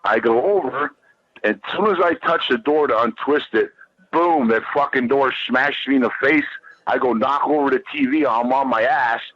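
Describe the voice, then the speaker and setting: A man's voice: medium pitch, normal speed, lo-fi sound. A man who is a guest on a podcast, telling a rambling, heated, profane story and repeating himself as he goes.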